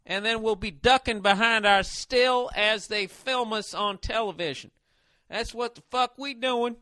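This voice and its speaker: A man voicing a loud, dim-witted rural hillbilly man in a boisterous, hollering drawl. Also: sits high, measured pace, voice pushed up. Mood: excited.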